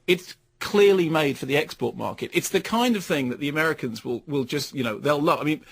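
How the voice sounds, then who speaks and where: A man's voice: on the high side, expressive, a little fast, gravelly, fairly bright tone, slight background noise. A man reviewing a film on the radio, in a wry, rambling and sarcastic way. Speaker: film critic.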